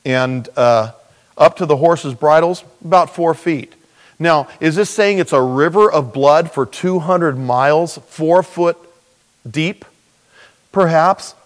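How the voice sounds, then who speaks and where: A male pastor preaching a sermon, animated, with rhetorical questions and sudden jumps in pitch. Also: takes it slowly. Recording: long reverb of a large hall.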